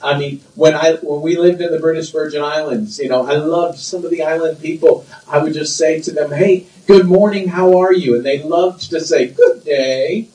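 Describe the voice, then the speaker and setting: A man's voice: fairly high pitch, fairly even intonation, fairly quick, hardly any pauses, darkish tone. A man preaching a sermon as pastor, emphatic, repeating phrases and drawing responses from the congregation. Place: church sanctuary. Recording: roomy church echo, distant mic.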